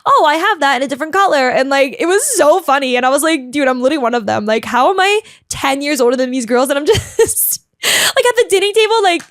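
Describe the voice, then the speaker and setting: Bubbly chatty young woman, high voice. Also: expressive, a little fast, dry recording, clean studio sound. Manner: chatty and bubbly, heavy use of "like", dramatic; talks a lot, emotional. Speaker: vlogger. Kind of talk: casual storytelling vlog.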